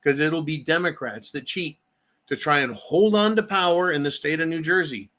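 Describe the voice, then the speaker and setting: A man's voice: on the high side, normal speed, a bit bright. Profane, fired-up man ranting politics. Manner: angry, profane, sarcastic mock-quoting. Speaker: political commentary host.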